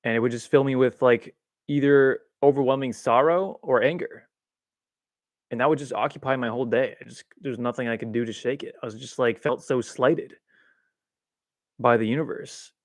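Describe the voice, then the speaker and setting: A man hosting a livestream from a chair at home, rambling through spiritual ideas with lots of fillers and self-mocking laughs. His voice sits in an ordinary middle range. The recording is close and dry on a boom mic. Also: normal speed, dry recording. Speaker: livestream host. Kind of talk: casual spiritual chat. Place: home room, seated in a swivel chair. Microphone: boom-arm mic.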